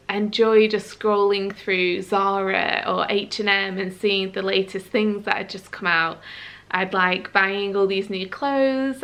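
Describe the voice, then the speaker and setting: A woman's voice: mid-range voice, gravelly, bright, forceful tone. A woman sharing a personal vlog in a hesitant, earnest way, often searching for her words. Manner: earnest and heartfelt. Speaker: vlogger.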